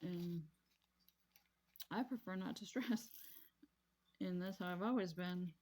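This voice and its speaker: A woman's voice: on the low side, slow, a little mellow, a little hiss or hum. Easygoing rambling woman chatting. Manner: rambling, repeats herself, easygoing. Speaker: craft vlogger. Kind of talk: casual chat while crafting.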